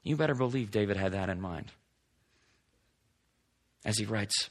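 A male pastor preaching a sermon, swinging between emphatic lines and hushed, slow passages as he reads scripture. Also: on the low side.

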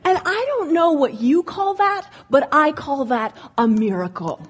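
A woman's voice: high-pitched, unhurried. A woman, a former ski instructor, giving a humorous storytelling speech to an audience in a room and acting out the characters' voices. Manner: lively, comic, acts out voices.

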